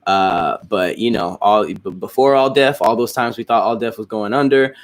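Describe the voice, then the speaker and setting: A man's voice: on the low side, moderate pace. A man hosting a casual stream, chatting with his fans in a loose, rambling way, with frequent restarts and casual swearing. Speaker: host. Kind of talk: casual livestream chat answering fans.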